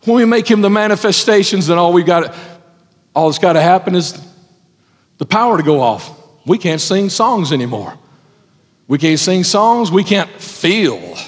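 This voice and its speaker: A man preaching a sermon as pastor, folksy in his wording, swinging from loud exhortation to hushed tones. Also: high voice, sing-song, normal speed, pauses often. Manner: folksy, says ain't and gotta. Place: church sanctuary. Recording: long hall reverb.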